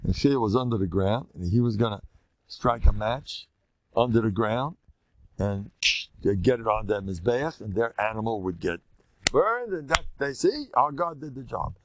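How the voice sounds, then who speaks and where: An older rabbi delivers a Torah lecture as animated, jokey storytelling packed with repetitions. His male voice is medium in pitch and moves at a moderate pace.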